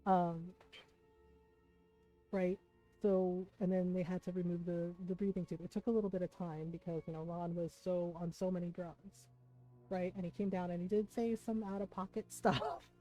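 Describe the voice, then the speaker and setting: Soft music plays under dull lo-fi stream audio as a woman speaks to her viewers in a lowish, level voice at a moderate pace. Close to tears, she talks casually and emotionally, dropping lots of fillers and "right?" asides.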